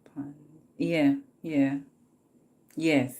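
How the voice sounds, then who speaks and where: Jamaican lady chatting slow on her live, lowish voice, laughs a lot, talks right to viewers. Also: steady tone, dark tone. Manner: chatty, laughs often, addresses viewers directly. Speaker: live streamer. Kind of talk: casual live-stream chat with viewers. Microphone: phone.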